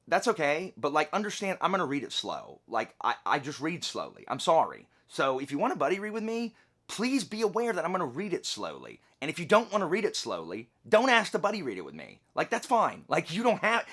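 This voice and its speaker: A man's voice: on the high side, fairly bright tone. A man hosting a book review channel, talking casually and rambling with asides and restarts. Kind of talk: casual chat to camera.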